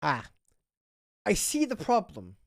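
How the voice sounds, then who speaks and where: A woman voicing a tiny male gnome wizard who talks in a hurried, chirpy way. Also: on the low side, wildly swooping pitch, full character voice.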